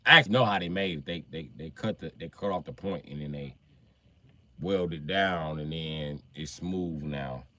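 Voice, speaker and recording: A man's voice: rumbling low, moderate pace. Brash, foul-mouthed man streaming live. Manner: profane, rambling, loud outbursts. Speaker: livestream host. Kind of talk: casual livestream chat.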